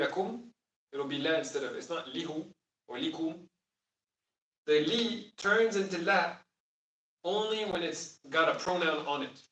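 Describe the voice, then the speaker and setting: A man's voice: fairly high pitch, a bit bright. A man teaching a class on the Arabic of the Quran, explaining patiently and asking the students questions. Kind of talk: classroom lesson. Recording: roomy sound from far off.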